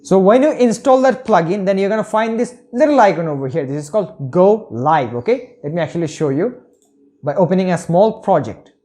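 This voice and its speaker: A man's voice: high voice, expressive, brisk, darkish tone. A man teaching web development in a screen-recorded tutorial, talking through each click and often checking in with "okay?". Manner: talks through each click, repeats "okay?" and "over here".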